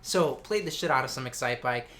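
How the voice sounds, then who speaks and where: A man's voice: medium pitch, fairly quick, a bit bright, a little hiss or hum. A man in his twenties co-hosting a casual gaming chat, rambling and swearing freely. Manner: rambling, swears often, many fillers. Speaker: co-host.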